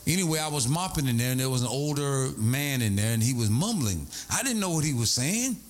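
A middle-aged man preaching a sermon from the pulpit, telling stories in an animated way that swings between high and low. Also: brisk. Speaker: pastor.

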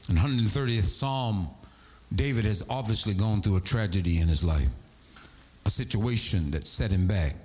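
A man's voice: on the low side, moderate pace, darkish tone. A middle-aged man preaching a sermon, telling stories with sing-song swells and asides. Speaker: pastor.

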